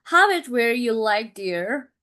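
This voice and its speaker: A woman's voice: a little high, lively intonation, slow pace, a bit bright. A woman reading a cool, sarcastic mother. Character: middle-aged mother, cool, incisive and sarcastic.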